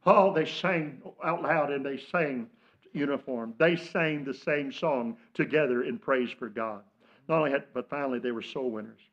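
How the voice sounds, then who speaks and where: This muffled recording captures a Midwestern-accented older man, a pastor, delivering an impassioned sermon in a church sanctuary. His pitch sits in the middle and his speed is normal as he alternates booming calls with quiet asides.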